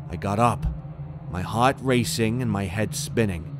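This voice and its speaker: A man's voice: lowish voice, measured pace, music in the background. A man reading a scripted first-person horror story in a tense, dramatic way. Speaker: narrator.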